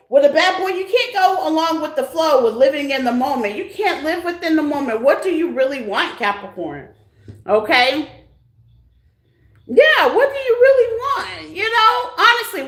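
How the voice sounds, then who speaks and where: A woman's voice: high-pitched, a bit bright, echoey room. A woman giving a casual tarot reading to her viewers, frank and profane, laughing often and tagging lines with "okay?". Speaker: tarot reader.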